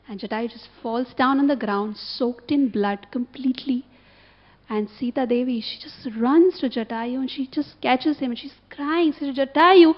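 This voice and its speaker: Lady preaching, high voice, keeps going "huh? yes?", muffled lo-fi recording. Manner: keeps checking in with the audience through short tag questions. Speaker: temple speaker. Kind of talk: sermon with storytelling. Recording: dull lo-fi recording.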